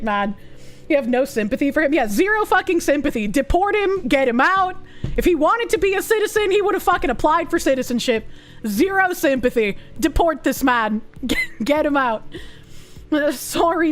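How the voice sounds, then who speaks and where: A woman streamer with a high-sitting, expressive voice talks fairly quickly as she chats casually and reacts to chat. She's blunt, sarcastic, and swears heavily, laughing often.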